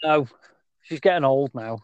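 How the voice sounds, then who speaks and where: A man's voice: mid-range voice, a little slow, smooth, no room sound, dull audio. A man co-hosting a podcast, bantering casually, laughing and swearing as he tells stories. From English West Midlands. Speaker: podcast co-host.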